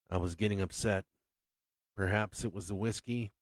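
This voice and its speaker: A man, an author, reading his own first-person story in an unhurried, reflective way. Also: on the low side, fairly even intonation, no room sound.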